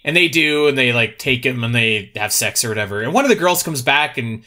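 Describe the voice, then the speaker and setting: A man co-hosting a podcast in casual chat, animated, swearing freely and laughing often. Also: mid-range voice, brisk. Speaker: podcast co-host.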